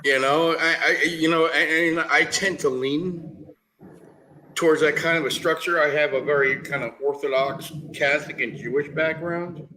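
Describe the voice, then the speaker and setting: A man's voice: on the high side, fairly even intonation, moderate pace, a crowd in the background, low-quality recording. A man, talking in a casual chat, ranting and often stopping to restart his sentences. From New York, the Bronx.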